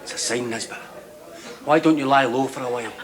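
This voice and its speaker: A man's voice: mid-range voice, brisk, a faint crowd, natural voice. A man playing a blunt Glaswegian local. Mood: urgent. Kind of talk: scripted sitcom acting.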